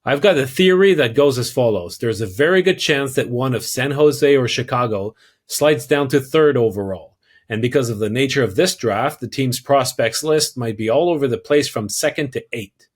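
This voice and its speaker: A man's voice: medium pitch, expressive, moderate pace. A man with a French Canadian accent, a native French speaker, co-hosting a podcast and reading listener questions aloud. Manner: reads listener questions aloud, light self-deprecating humor. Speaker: podcast co-host. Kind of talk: casual podcast chat, reading a mailbag question.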